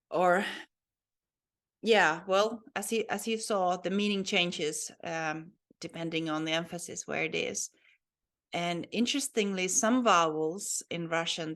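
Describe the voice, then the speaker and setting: Woman, language teacher, patient explanations, slow, lowish voice. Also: fairly bright tone. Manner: patient, explanatory, with many fillers and restarts. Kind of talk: language lesson.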